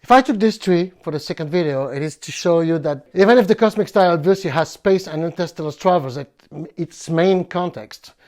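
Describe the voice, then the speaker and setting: A man from France with a French accent, hosting a bonsai video in a playful, halting way with many fillers. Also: a little high, darkish tone. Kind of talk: casual presentation.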